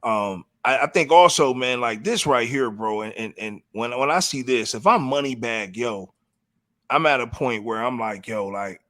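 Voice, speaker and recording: A man's voice: mid-range voice, lively intonation, normal speed, a bit bright, no room sound. Man riffing loosely on a talk show. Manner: loose, repetitive, frequent restarts and slang. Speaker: podcast host. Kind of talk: casual talk-show commentary.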